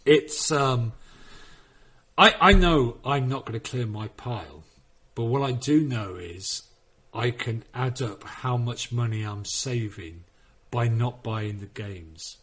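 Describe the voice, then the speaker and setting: A man's voice: mid-range voice, takes it slowly, fairly bright tone, breathy edge. A man chatting casually on a gaming podcast, rambling and swearing as he tells jokey stories. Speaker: podcast panelist.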